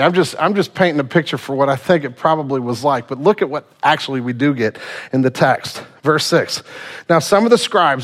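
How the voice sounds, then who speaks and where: Man preaching a casual sermon. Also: a little high. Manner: casual, animated storytelling with acted quotes. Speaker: pastor.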